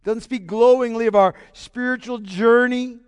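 A man preaching a sermon, emphatic and full of rhetorical questions, pausing to ask the congregation to follow along. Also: very high voice, steady tone, clear, resonant tone, in a large hall. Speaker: pastor.

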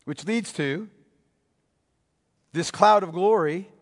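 A male preacher giving a sermon, emphatic and repeating key phrases, swinging between loud and hushed delivery. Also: high voice, slow. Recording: long reverb of a large hall.

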